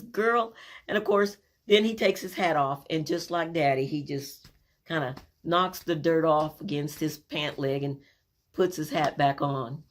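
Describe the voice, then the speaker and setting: Woman storyteller, lower voice with a lot of swing, animated and acting out the scenes. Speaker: family storyteller. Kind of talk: personal storytelling.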